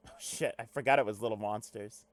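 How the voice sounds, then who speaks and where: A young man reading a webcomic aloud on stream, breaking off into loud, animated asides. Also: fairly low pitch, a little fast, dry recording. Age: young adult. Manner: animated, swings to loud excited rants.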